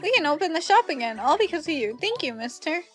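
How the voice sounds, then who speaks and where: A woman's voice: high-pitched, sing-song, quick pace, faint music behind. A woman reading aloud the lines of a grateful young shopkeeper's child from a game, eager and polite.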